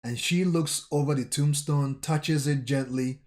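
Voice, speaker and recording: A man vlogger recapping a manga chapter in a casual way, telling the scenes with pauses and correcting himself as he goes. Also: on the high side, steady tone, a little mellow. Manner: recounts scenes haltingly, with pauses and self-corrections.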